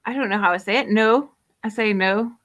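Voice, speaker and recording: A woman with a posh Geordie accent hosting a podcast in a relaxed, chatty way. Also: mid-range voice, rapid-fire. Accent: posh Geordie, Jesmond. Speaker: podcast host. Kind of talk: casual podcast chat.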